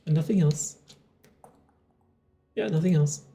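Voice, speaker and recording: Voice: medium pitch, measured pace, vocal fry, dark tone, husky. A young adult game streamer chatting casually while playing, rambling and thinking aloud with frequent laughs. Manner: rambling, giggly, thinks aloud with many fillers.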